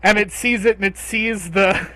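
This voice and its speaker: A man narrating a tabletop game as game master, telling the scene in a measured, descriptive way. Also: sits high, steady tone, sharp tone, dry recording.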